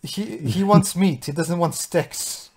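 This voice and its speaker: A man joins a casual movie commentary with a stammering, repetitive delivery. His voice sits fairly high as he builds up his jokes. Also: takes it slowly, darkish tone, slight background noise. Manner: stammering, repeats words, jokey.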